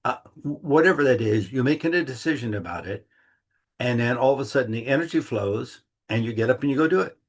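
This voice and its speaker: A man's voice: medium pitch, lively intonation, fast, slightly rough. A middle-aged man giving a casual, rambling monthly talk, acting out little inner dialogues in a folksy way. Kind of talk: casual reflective monologue.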